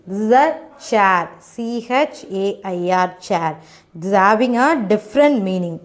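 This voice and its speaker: A woman's voice: medium pitch, lively intonation, unhurried. A woman teaching a phonics lesson to children, spelling words letter by letter and often asking "isn't it?". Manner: non-native English grammar, often asks "isn't it?".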